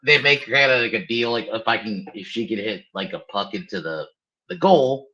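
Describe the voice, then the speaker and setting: A man co-hosting a casual movie review podcast, talking in an animated, loose way. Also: lowish voice, moderate pace. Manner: animated, laughs easily, loose phrasing. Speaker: podcast co-host. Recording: dull lo-fi audio.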